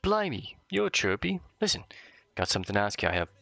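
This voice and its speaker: A man's voice: lowish voice, sing-song, brisk, creaky, pushed and bright, dry recording, full character voice. A man voicing a cheeky little male fairy sidekick, chummy and full of slang.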